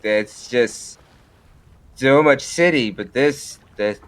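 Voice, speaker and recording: A man speaking as a player in a tabletop game, slow and hesitant. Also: medium pitch. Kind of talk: playing a character in a tabletop game.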